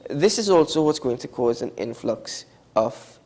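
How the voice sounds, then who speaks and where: A man with a Trinidadian accent co-hosting a talk show, chatting in a wry, animated way with sharp pitch jumps for emphasis. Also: unhurried. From Trinidad and Tobago. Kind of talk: casual studio chat.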